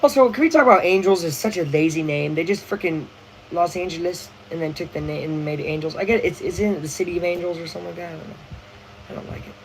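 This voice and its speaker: Young man, livestream host, excitable slangy chat, slightly high voice, faint background noise. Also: poor audio. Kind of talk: casual live baseball watch-along chat.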